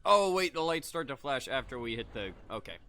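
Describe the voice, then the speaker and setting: A man's voice: medium pitch, big pitch swings, a little fast, sharp tone, slight background noise. A young man casually rambling through live gameplay commentary, laid-back and often chuckling, with the odd cough. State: coughing between lines. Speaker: gaming streamer.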